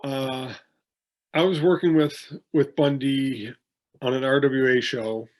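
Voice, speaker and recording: A podcast co-host who is a wrestling promoter speaks slowly in a steady, mid-range voice. In a casual chat, he tells rambling anecdotes full of fillers and restarts.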